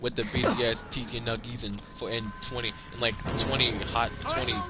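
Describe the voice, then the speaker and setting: Profane, animated man telling stories. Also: mid-range voice, fairly quick, very noisy. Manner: animated, profane storytelling with frequent repetitions. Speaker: podcast host. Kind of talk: casual chat.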